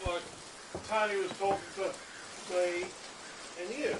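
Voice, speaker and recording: A man's voice: high-pitched, unhurried. A man chatting and swearing on the phone and telling a story off-mic, picked up from across the room. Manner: chatty, laughs, swears, animated when retelling. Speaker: family member on the phone in the background. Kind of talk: casual phone chat and storytelling. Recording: distant echoey room pickup with loud noise.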